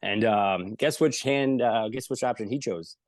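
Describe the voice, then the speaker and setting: A comedian telling animated, jokey stories in an interview, acting out the people he quotes and swearing freely. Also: fairly low pitch, a little slow, no room sound. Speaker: comedian guest. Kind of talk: casual storytelling in an interview.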